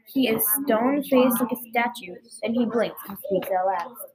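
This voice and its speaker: A woman's voice: a little high, normal speed, low-quality recording. A woman reading a rhyming children's picture book aloud in a sing-song way. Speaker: storybook reader. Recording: chattering crowd behind.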